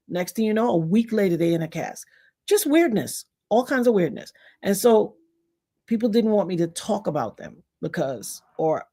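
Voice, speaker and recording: A middle-aged woman from New York hosting a casual livestream, telling personal stories in an animated way, acting out quotes and thanking her chat. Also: fairly low pitch. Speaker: livestream host.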